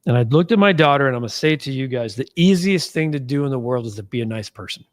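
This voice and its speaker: A man hosting a sports talk show, chatting casually and giving upbeat shout-outs to viewers by name. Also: mid-range voice, animated, quick pace. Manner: folksy betting talk. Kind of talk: casual live-show sign-off, reading out viewer comments.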